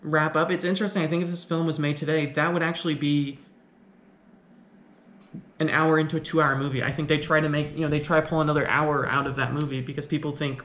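Man, casual film commentator, somewhat high voice, loose rambling delivery, echoey room. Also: little pitch movement, fast, fairly bright tone. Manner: conversational, rambling, with frequent restarts. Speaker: film reviewer.

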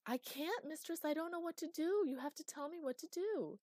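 A woman reading an audiobook, voicing an eager, childlike young servant girl with a high, innocent, earnest voice. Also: brisk, darkish tone, no echo, natural voice. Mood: panicked. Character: eager girlish servant Anouk/Maggie, sweet and childlike.

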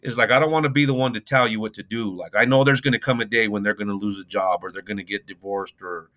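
A man's voice: lowish voice, fast talker, pushed and bright. A man in his forties, a youth coach and mentor, speaking as a guest in a casual podcast interview with a reflective, advice-giving manner and plenty of fillers.

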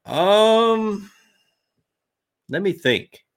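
A man hosting a casual live stream, reading out viewer questions and answering them in a relaxed, rambling way with lots of ums and restarts. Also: high-pitched, extremely slow. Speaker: livestream host answering viewer fishing questions.

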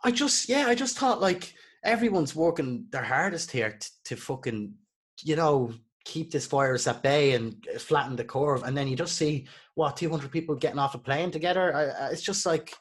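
A man's voice: fairly high pitch, expressive, moderate pace, husky. An Irish man hosting a podcast, speaking his mind bluntly and swearing freely. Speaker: podcast host. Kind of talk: casual chat.

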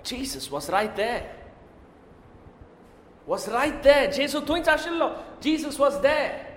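A man's voice: extremely high pitch, animated, drawn-out words, fairly bright tone, a little hiss or hum. A man preaching a sermon, asking the congregation questions and often raising his voice for emphasis. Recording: echoey hall.

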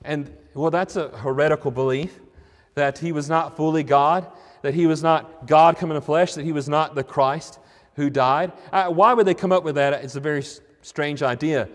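A man's voice: on the high side, steady tone, normal speed, big-room sound. A man preaching a sermon, emphatic and questioning, with frequent restarts.

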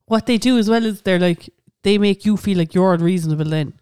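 A young woman talks on a podcast with a smooth, clear voice in a dry, close-miked sound. She rants bluntly and swears freely in casual chat with her co-host. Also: medium pitch, fairly quick, dark tone, no echo.

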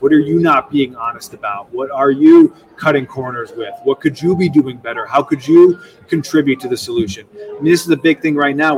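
A young man speaking as a guest in a casual interview. He talks in a rambling, animated way, restarting often. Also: medium pitch, far from the mic, rough recording. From United States. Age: young adult. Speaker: state legislator guest.

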